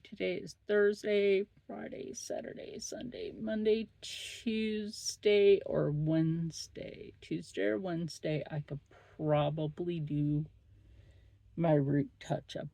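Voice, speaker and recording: A woman's voice: lowish voice, creaky, darkish tone, no room sound. A middle-aged woman hosting a vlog, chatting bluntly and swearing freely. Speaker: vlog host. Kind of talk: casual chat.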